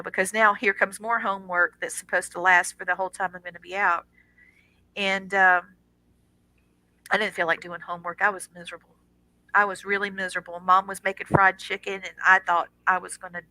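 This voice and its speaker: A middle-aged woman tells a personal story as a radio guest, animated and dramatic, slipping into the voices of the people in it. Her voice is very bright and cutting, and the close mic is completely dry. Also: mid-range voice, dry recording, poor audio. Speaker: guest on a paranormal radio show. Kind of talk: casual storytelling.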